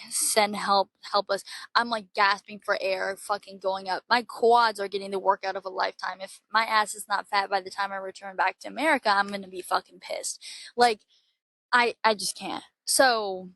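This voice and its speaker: A young woman from Florida telling a travel story in a casual, animated, heavily profane way. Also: medium pitch, dry recording. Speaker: podcast host.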